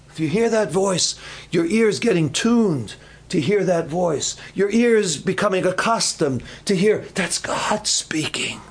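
A male preacher in a church tells a Bible story from the pulpit. His voice is high and his pace unhurried. He gives every phrase weight and acts out the speakers as he goes. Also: breathy edge. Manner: acts out voices in the story, calls names dramatically. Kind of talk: storytelling sermon.

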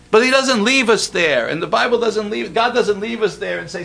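Male preacher, slightly high gravelly voice, chatty sermon delivery with questions. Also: expressive, brisk, fairly bright tone. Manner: conversational, asks the congregation questions.

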